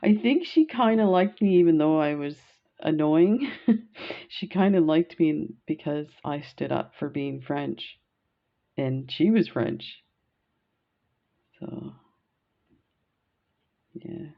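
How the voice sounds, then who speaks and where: Slow, gravelly-voiced woman telling stories. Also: sits low, expressive, muffled recording. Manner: chatty, laughing, rambling. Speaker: beading vlogger. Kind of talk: casual storytelling while beading.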